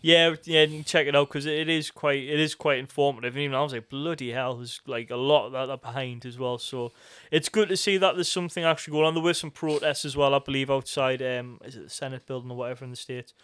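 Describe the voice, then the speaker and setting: Sweary Geordie man, smooth clear voice. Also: mid-range voice, steady tone, fast, hardly any pauses, a bit bright, no room sound. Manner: sweary, joking, rambling banter. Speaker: podcast co-host. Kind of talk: casual chat.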